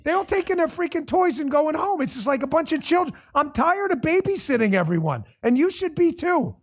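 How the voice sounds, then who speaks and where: High-voiced man ranting bluntly. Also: sing-song, a little fast. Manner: blunt, profane, exasperated ranting; addresses viewers in the chat directly. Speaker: political commentary host. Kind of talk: livestream commentary rant.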